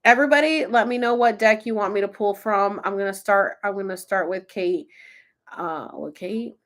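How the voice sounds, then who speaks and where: At a medium pitch and moderate pace, a woman chats with viewers on a casual livestream. She pulls oracle cards and reads them out loud, swearing and laughing along the way.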